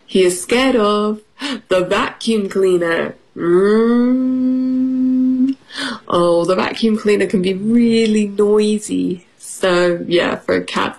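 A woman's voice: mid-range voice, slow pace, vocal fry, a little mellow, slightly rough, rough recording. A woman teacher reading a picture book aloud to children, encouraging them and asking questions. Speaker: English teacher.

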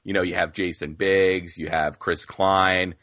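A man co-hosting a podcast in casual film discussion, talking in halting starts and restarts. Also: sits low, little pitch movement, a bit bright, no room sound. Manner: halting, many restarts and fillers. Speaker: podcast co-host.

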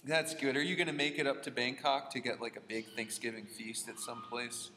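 A man's voice: medium pitch, little pitch movement, brisk, sharp tone, a little hiss or hum. A man co-hosting a podcast, chatting casually in an upbeat, friendly way. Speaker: podcast co-host. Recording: echoey room with long reverb, faint ambience.

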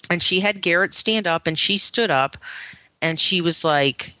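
A woman's voice: on the low side, measured pace, bright, forceful tone, dry recording. A middle-aged woman from Florida, co-hosting a podcast and telling a long family story in a rambling, casual way. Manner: rambling storytelling, acts out quoted voices. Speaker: podcast co-host. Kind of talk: casual chat.

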